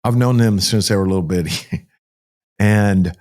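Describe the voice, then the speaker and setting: A man's voice: fairly low pitch, moderate pace, darkish tone. A middle-aged man, a pastor talking as a podcast guest, tells a story vividly, acting out the dialogue and repeating phrases for emphasis. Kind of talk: emotional storytelling in conversation.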